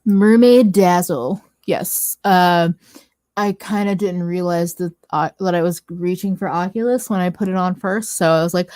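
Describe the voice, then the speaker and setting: A woman's voice: on the low side, moderate pace, darkish tone, dry recording. Chatty woman rambling about makeup. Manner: chatty, rambling, self-correcting. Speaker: co-host of a beauty livestream. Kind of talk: casual chat about makeup.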